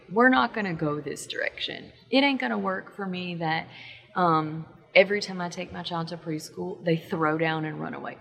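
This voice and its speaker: Gravelly-voiced woman giving emphatic parenting advice. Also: mid-range voice, a bit bright, long reverb tail. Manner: encouraging, emphatic, quotes inner thoughts. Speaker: parent coach. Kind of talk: casual advice to camera.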